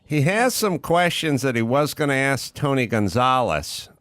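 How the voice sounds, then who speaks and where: A middle-aged man hosting a casual chat, an animated storyteller who loudly imitates other people. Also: mid-range voice, normal speed, dry recording, studio quality. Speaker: podcast host.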